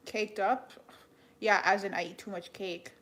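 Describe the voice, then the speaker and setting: A woman's voice: medium pitch, steady tone, measured pace, a bit bright. A young woman chatting casually on a livestream, thanking donors and joking with a dry, sarcastic edge. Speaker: live streamer. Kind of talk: casual livestream chat reading donations.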